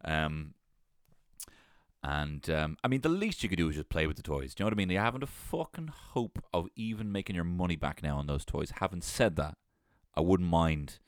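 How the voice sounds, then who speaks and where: Animated man telling stories. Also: sits low, a little fast, no room sound, studio quality. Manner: animated, swearing, laughing often. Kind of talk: casual storytelling.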